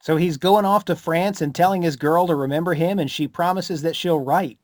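A man's voice: fairly high pitch, normal speed, no echo. Informative man explaining with a dry sound. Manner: informative, explains history, introduces songs. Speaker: co-host. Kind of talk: casual chat.

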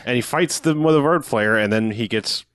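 A man co-hosting a casual movie-review podcast, adding wry deadpan jokes and steering the talk to scenes he wants to cover. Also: mid-range voice, normal speed, clear, resonant tone, dry recording, studio quality. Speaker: podcast co-host.

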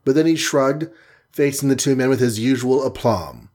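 A man's voice: medium pitch, animated, moderate pace, darkish tone. A man narrating an adventure story aloud in a dramatic read-aloud manner.

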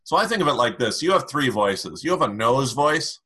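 A man explaining communication strategy in an interview, calm and emphatic as he gives advice. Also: medium pitch, normal speed, few pauses, husky. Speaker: communication expert.

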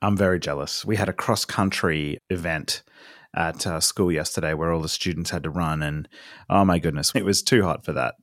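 An Australian man hosting a casual podcast chat, upbeat and quick to laugh. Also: deep voice, a bit bright, no echo, clean studio sound. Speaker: podcast host.

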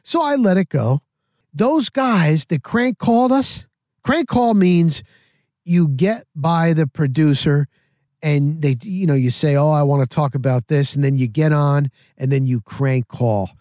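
A man hosting a podcast, telling a rambling, animated story in a casual way. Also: a little high, measured pace, dry recording, clean studio sound. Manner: rambling, animated, repeats himself. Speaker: podcast host.

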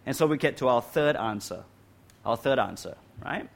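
A man's voice: mid-range voice, animated, moderate pace, creaky. Male preacher, church hall with aircon, explanatory sermon, leans on key words. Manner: stresses key words, asks "right?" often. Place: church hall with air conditioning.

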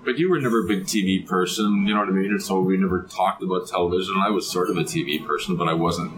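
An older man chatting as a podcast guest, a relaxed storyteller who chuckles as he talks. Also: low-pitched, quick pace, poor audio. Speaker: guest, father of a co-host. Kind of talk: casual podcast chat.

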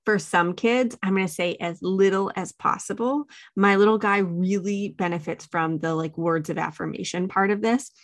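Animated woman quoting her toddler. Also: medium pitch, moderate pace, hardly any pauses, no echo, studio quality. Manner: animated storytelling, acts out parent and child quotes, laughs often. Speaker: parenting expert guest. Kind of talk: casual podcast interview.

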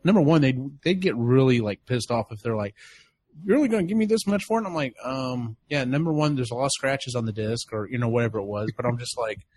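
A man co-hosting a podcast in casual chat, relaxed and telling anecdotes by quoting himself. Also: medium pitch, breathy edge, no room sound.

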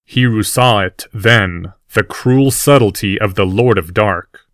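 A male narrator reads a fantasy story in a steady, even storytelling manner. His voice is fairly low, and the recording is dry and close-miked. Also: measured pace, few pauses, no echo. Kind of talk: scripted audiobook narration.

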